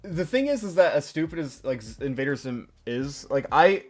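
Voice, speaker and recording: A young man co-hosting a casual stream chat, rambling and excitable, swearing often as he talks. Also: fairly high pitch, normal speed. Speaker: stream co-host.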